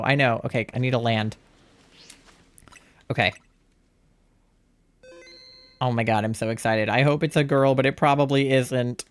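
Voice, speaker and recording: A young adult man chatting through a live game stream, rambling when calm and then panicked and swearing with excitement. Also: mid-range voice, clean tone.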